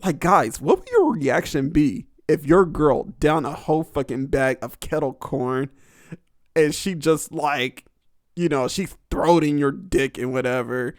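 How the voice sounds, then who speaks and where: Crude, laughing young man with a higher voice. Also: lively intonation, measured pace, no room sound, clean studio sound. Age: young adult. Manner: crude, rambling, laughs often. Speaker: podcast host. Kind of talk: casual podcast monologue.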